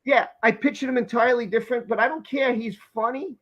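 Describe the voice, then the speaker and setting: A man's voice: extremely high pitch, fast, fairly bright tone, dull audio. This is a man with a Brooklyn accent hosting a live stream. He talks emphatically and gushes, and he circles back over the same points again and again. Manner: emphatic, effusive, repeats himself. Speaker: host.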